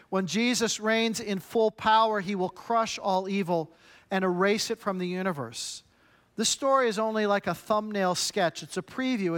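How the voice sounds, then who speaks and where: High-voiced man preaching with punch. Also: a bit bright. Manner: emphatic, punchy preaching with short repeated phrases. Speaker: pastor. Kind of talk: sermon.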